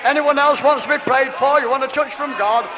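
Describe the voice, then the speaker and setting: A man preaching a revival sermon and altar call, fervent, with drawn-out exclamations and speaking in tongues, at a church meeting. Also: very high-pitched, fairly even intonation. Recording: long hall reverb.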